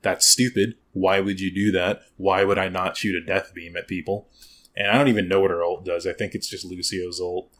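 A young man with a very low voice, talking through a casual gaming chat. He rambles and stacks up sarcastic asides in loose slang. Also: little pitch movement, fairly quick, fairly bright tone.

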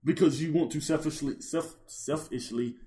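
A man's voice: on the high side, normal speed, dark tone. A man in casual chat, explaining his ideas earnestly and at length.

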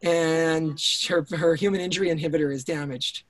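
A man's voice: a little high, steady tone, moderate pace, dry recording. Intense, restless man telling stories. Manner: intense, swears, many restarts. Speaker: writer-director guest. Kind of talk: casual interview storytelling.

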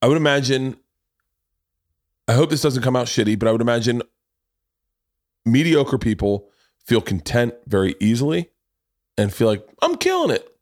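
A man's voice: mid-range voice, normal speed, long pauses, darkish tone, dry recording, studio quality. A man hosting a podcast in casual chat, telling self-deprecating stories with frequent restarts and swearing. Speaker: podcast host.

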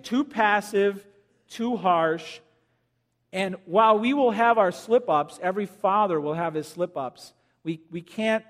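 A man preaching a sermon as pastor in a church, animated and joking with the congregation, now and then acting out quoted voices. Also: high-pitched. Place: church auditorium. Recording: long hall reverb.

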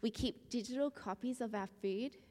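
Higher-voiced woman preaching in a big echoey hall. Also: moderate pace. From Australia. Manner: lively, rambling storytelling with laughter. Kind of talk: sermon opening with a personal story. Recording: long reverb in a large hall.

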